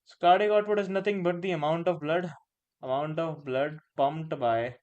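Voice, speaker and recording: A man's voice: fairly high pitch, normal speed, a little mellow, lo-fi sound. A man with an Indian English accent giving a live online pharmacology lecture, repeating phrases, tagging lines with "right?" and slipping in Hindi words. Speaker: pharmacology teacher.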